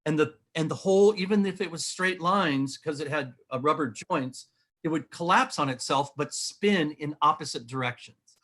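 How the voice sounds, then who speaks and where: A man's voice: on the high side, normal speed, a bit bright. A middle-aged man with a slightly raised voice explains shapes in an earnest, eager way. He talks as he shows models, pointing things out as he goes, like a guest in a conversation. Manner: earnest, enthusiastic, demonstrative. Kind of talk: animated explanation while showing models.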